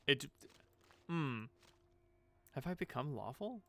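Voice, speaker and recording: A man's voice: mid-range voice, measured pace, gravelly, fairly bright tone, no echo. A man hosting a game playthrough, reading the on-screen text and tossing off wry, joking asides. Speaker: let's play host.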